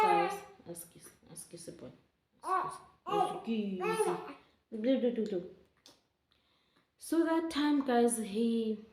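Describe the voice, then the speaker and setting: A young woman telling her story to camera in a chatty, emotional way, often calling her viewers guys. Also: mid-range voice. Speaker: vlogger. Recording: roomy echo.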